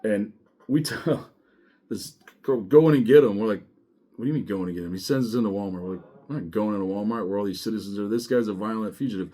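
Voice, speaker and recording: A man's voice: lowish voice, quick pace, dark tone. A man who once served as a deputy, casually telling a profane story about his police work, laughing as he goes. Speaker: former sheriff's deputy.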